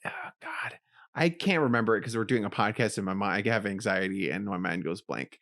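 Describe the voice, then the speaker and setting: Man, podcast co-host, gravelly voice, excitable and self-deprecating. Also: lowish voice, fairly quick. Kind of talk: casual chat.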